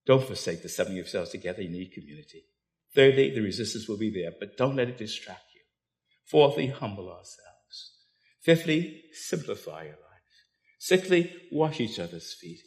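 An older man, preaching a storytelling sermon that swings from loud, laughing anecdotes to hushed intensity. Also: fairly low pitch, big pitch swings, moderate pace.

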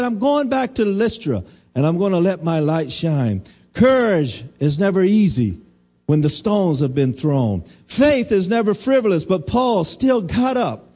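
A man's voice: sits high, warm tone. A middle-aged man preaching a sermon as pastor, asking the congregation questions and calling for responses.

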